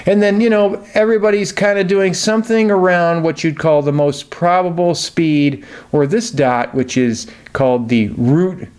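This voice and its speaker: A man's voice: high-pitched, fairly even intonation, normal speed, few pauses, darkish tone, smooth. A male chemistry teacher giving a casual, joking lesson, chatty with frequent fillers and everyday comparisons. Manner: jokey, conversational, many fillers.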